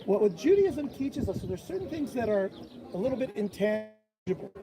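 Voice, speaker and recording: High-voiced man preaching outdoors. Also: moderate pace. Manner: animated storyteller who acts out quoted voices. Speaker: officiant at a bat mitzvah. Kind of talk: sermon with storytelling. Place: outdoors at an old stone wall. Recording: outdoor crowd noise.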